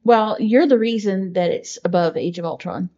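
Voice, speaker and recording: A woman's voice: medium pitch, moderate pace, dark tone, lo-fi sound. A woman co-hosting a podcast in casual chat, talking in an earnest, heartfelt way with many fillers. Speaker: podcast co-host.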